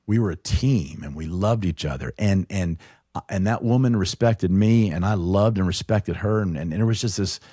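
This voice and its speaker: A deep-voiced middle-aged man tells a heartfelt personal story as a podcast guest. He speaks earnestly, stumbling and restarting as he goes. The recording is close and dry, with no room sound. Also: warm tone, no room sound. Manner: earnest, halting, with frequent restarts. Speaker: podcast guest, show producer. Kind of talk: emotional personal storytelling in conversation.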